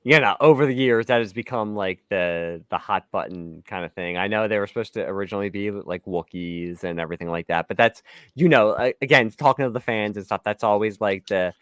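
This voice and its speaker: A man's voice: fairly low pitch, fairly quick, fairly bright tone, no room sound, clean studio sound. A man in his forties co-hosting a podcast, talking casually and laughing often. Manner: easygoing, laughs often, trails off. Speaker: podcast co-host. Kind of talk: casual chat.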